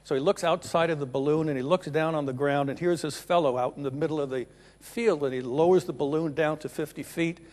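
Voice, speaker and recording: A middle-aged man giving a conference presentation, unhurried, often pausing to rephrase. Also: fairly high pitch, fairly even intonation, a little mellow. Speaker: conference keynote speaker. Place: large conference room. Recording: reverberant conference hall.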